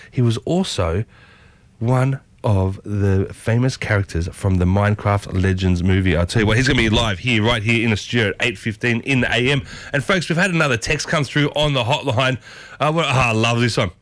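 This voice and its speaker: A man's voice: medium pitch, fast talker, a bit bright, no echo. A man hosting a breakfast radio show, chatty and upbeat, talking straight to his listeners. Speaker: radio host. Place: radio studio.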